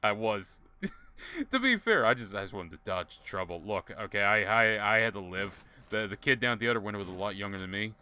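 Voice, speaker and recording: The streamer's voice is fairly low, bright, forceful and clean, and he speaks in an animated, brisk way. Chatting with viewers over gameplay, he tells meandering, foul-mouthed stories and laughs often.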